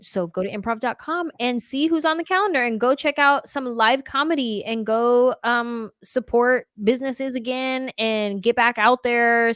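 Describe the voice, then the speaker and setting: A woman's voice: a little high, a bit bright, clear, resonant tone, no room sound. A woman hosting a live-streamed interview, bubbly and playful, laughing easily. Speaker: host.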